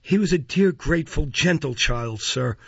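A man's voice: a little high, expressive, moderate pace, gravelly, breathy edge, no room sound, dull audio, heavily acted. A man voicing an elderly, firm, devoted housekeeper woman who speaks indignantly and insistently in a storybook reading.

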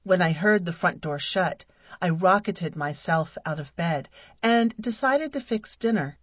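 A married woman reading a humorous personal essay aloud in a wry, deadpan way. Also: fairly low pitch, measured pace, breathy edge, no room sound. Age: adult. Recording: dull lo-fi dry recording.

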